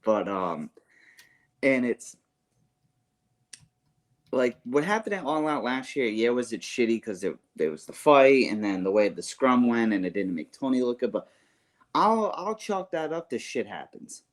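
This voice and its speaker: A man co-hosting a wrestling podcast, chatting loosely. He rambles and restarts, packing his talk with "like", "bro" and "yo". His voice sits at an ordinary middle pitch. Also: sing-song, a little slow. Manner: rambling, filler-heavy, slang like "bro" and "yo". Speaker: podcast co-host. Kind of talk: casual wrestling podcast chat.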